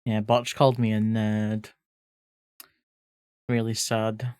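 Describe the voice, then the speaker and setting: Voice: medium pitch, flat delivery, slow, a little mellow, clean tone, no room sound, clean studio sound. A streamer, chatting casually and playfully with live viewers while drawing, reading chat aloud and swearing now and then. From England (grew up in Leeds). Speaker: art streamer.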